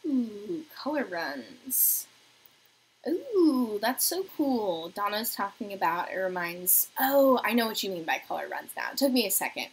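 In her home apartment, a young woman hosts a beauty livestream, chatting casually as she does her makeup and reads viewer comments aloud, now and then sinking to a soft murmur. Her voice is medium-pitched, husky and very animated yet unhurried, and the recording quality is low.

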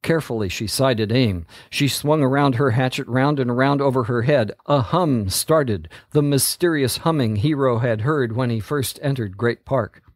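A man reading a story aloud as narrator, in a slow, steady delivery. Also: mid-range voice, dry recording, clean studio sound.

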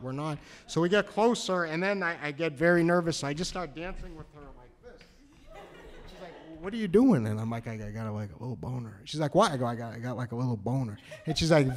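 A man from New Hampshire telling a story on stage, nervous and halting, with many restarts. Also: on the high side. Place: cultural center hall, live audience.

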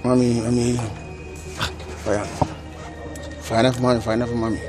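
An actor with a Ghanaian accent playing a man who calms his boss, in a pleading, soothing way. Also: mid-range voice, normal speed, music in the background, close to an everyday voice.

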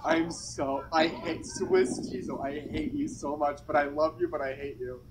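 A man's voice: fairly high pitch, big pitch swings, measured pace, creaky, noisy background. A young man vlogging outdoors beside a public fountain, talking in a flustered, anxious, rambling way full of swearing. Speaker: vlogger doing a dare. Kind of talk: casual vlog to camera.

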